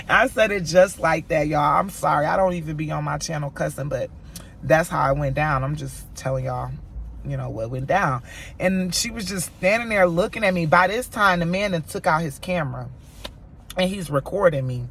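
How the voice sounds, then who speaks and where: Animated cursing mom telling a story. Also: female voice, on the low side, moderate pace, slightly rough. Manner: animated, profane retelling, voicing quoted people; talks straight to viewers as "y'all". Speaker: mom vlogger. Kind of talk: storytime vlog.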